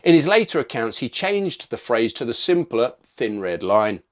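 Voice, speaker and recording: A man's voice: mid-range voice, big pitch swings, normal speed. A man narrating a military history video in a punchy, informal scripted style with casual asides.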